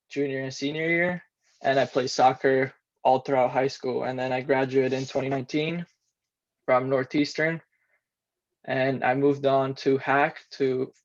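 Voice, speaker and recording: A man's voice: mid-range voice, lo-fi sound. A man of about twenty with a Romanian accent, a native Romanian speaker, telling his story in a plain, matter-of-fact way as an interview guest. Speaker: interview guest, former student athlete. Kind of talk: casual interview.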